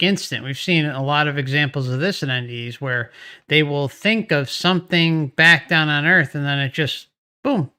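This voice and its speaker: A man's voice: a little high, bright, forceful tone, clear, resonant tone. A man hosting a channel, commenting on testimonials in a musing, conversational way with sarcastic asides. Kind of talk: video commentary.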